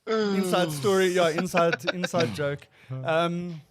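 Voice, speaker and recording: A man's voice: high-pitched, takes it slowly. A man hosting a casual podcast, chatty and rambling, laughing often. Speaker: podcast host. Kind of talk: casual chat.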